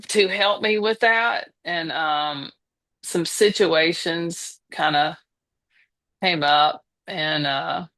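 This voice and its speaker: As a podcast guest in casual conversation, a woman in her fifties with a Southern American accent, from the Southern United States, talks hesitantly, with lots of restarts and fillers. She has a lowish, fairly bright voice.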